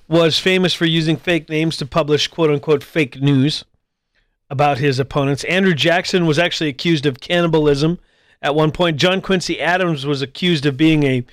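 High-voiced man delivering political commentary. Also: a bit bright, dry recording, clean studio sound. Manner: argumentative, with mocking mimicry of squabbling voices. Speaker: podcast host.

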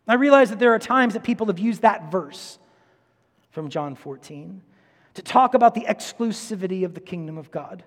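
A man in his forties, a priest, preaching a sermon in a chatty, animated storytelling manner. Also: high voice, normal speed. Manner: chatty, animated storyteller, quotes people in voices. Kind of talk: sermon with personal stories. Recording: long hall reverb.

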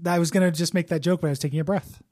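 A man's voice: a little high, steady tone, very fast, a little mellow. A man hosting a comedy podcast, joking, laughing often and slipping into improvised bits. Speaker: podcast host. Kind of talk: comedic casual chat.

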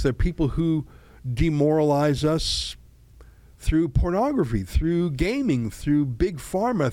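A man giving a monologue of political commentary, deliberate and stretching key words. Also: mid-range voice, dark tone, no echo.

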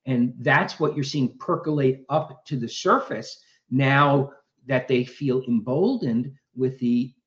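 Male interview guest, earnest and methodical, heard over a dull remote line. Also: medium pitch. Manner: earnest, steady, builds arguments point by point. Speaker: guest commentator. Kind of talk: radio interview.

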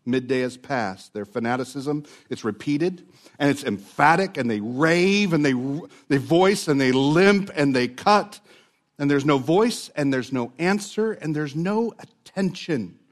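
A man's voice: on the high side, expressive, measured pace. A man preaching a sermon, earnest and building to emphatic repetition. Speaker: pastor.

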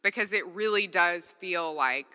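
A woman's voice: on the low side, measured pace, bright, forceful tone, in a large hall. A woman from Mississippi preaching a sermon, earnest and conversational as she tells a personal story and acts out the voices in it.

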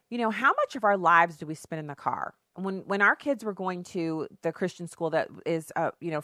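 A woman's voice: lowish voice, pushed and bright, dry recording, clean studio sound. A woman hosting opinionated political commentary, sarcastic and emphatic, with rhetorical questions.

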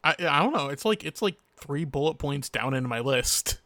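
A man co-hosting a casual podcast about a show, talking in a flat, sarcastic monotone. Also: a little high, normal speed, no echo, clean studio sound. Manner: deadpan, sarcastic. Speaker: podcast co-host. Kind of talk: casual chat recapping a show.

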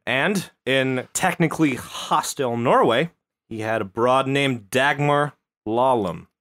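A man's voice: mid-range voice, slow pace, fairly bright tone. Crude joking male podcast host. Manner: crude, joking, tells a history story with asides. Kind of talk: casual comedic storytelling.

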